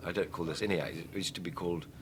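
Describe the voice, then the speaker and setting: Soft-spoken actor, very deep. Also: male voice, fairly even intonation, very fast, crowd noise. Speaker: actor interviewee.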